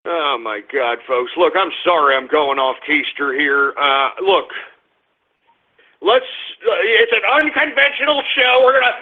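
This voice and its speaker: A man hosting an internet radio show, ranting and cursing angrily, dropping to grumbles and rising to shouts. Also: fairly high pitch, lively intonation, a little slow. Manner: angry, cursing, swings between grumbling and shouting. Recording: tinny phone-like radio stream.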